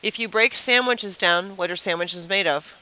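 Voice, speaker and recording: A woman teacher runs a casual review lesson at the whiteboard, her voice bright and clear. She keeps throwing questions at the class and explains with playful everyday comparisons. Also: lowish voice, steady tone, moderate pace, rough recording. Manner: chatty, asks the class rhetorical questions.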